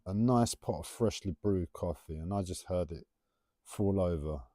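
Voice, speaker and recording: A man talks on a solo livestream from home, drifting from one tangent to the next in a self-confessed waffle. His voice sits low and mellow, and he stumbles over his T's. The sound is dry and close, with no room echo. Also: moderate pace. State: struggling to pronounce his T's. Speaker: livestream host. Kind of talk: rambling solo livestream talk.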